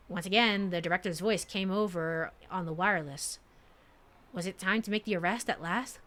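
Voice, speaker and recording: A woman's voice: on the low side, fairly quick, a little hiss or hum. A woman streamer narrating a story game and reacting between lines with giggles. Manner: giggly, animated, reads text then reacts. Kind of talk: let's play narration and commentary.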